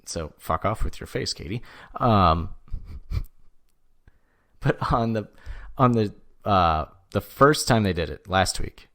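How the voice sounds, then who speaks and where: A man's voice: fairly low pitch, expressive, slow, long pauses, bright, forceful tone. A man co-hosting a podcast, telling a story in casual chat with a loose, swearing manner. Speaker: podcast co-host.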